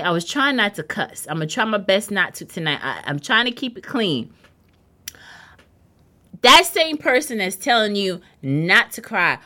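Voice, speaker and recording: A woman's voice: mid-range voice, expressive, moderate pace, pushed and bright. A woman hosting her own show, giving a chatty monologue and talking straight to her listeners. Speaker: show host. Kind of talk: casual talk show monologue.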